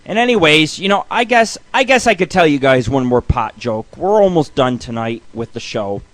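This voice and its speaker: Middle-aged male radio host, loose comic delivery with cursing, slightly high voice, dry close sound. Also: lively intonation, normal speed, a bit bright, no room sound. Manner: loose, joking, swearing, reads lists and jokes aloud. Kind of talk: casual comedic radio monologue.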